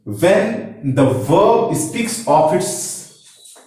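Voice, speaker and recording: A man teaching English grammar, explaining slowly and repeating himself while pointing to examples on a board. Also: high-pitched, big pitch swings, darkish tone. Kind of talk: classroom-style explanation. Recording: very echoey room, voice from far off.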